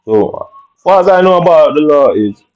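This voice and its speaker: A man's voice: a little high, lively intonation, moderate pace, lo-fi sound. A man with telling an angry personal story, rambling and profane, full of tag questions. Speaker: vlogger.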